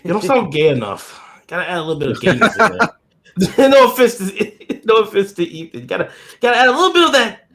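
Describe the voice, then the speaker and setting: A man's voice: sits high, big pitch swings, fast, crowd noise. A man in a casual chat, teasing and crude, laughing often.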